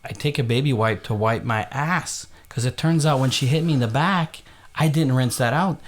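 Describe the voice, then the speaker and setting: A man's voice: mid-range voice, normal speed. A man with young kids, a podcast co-host, tells a story in casual chat, laughing often and swearing a lot. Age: adult, father of young kids.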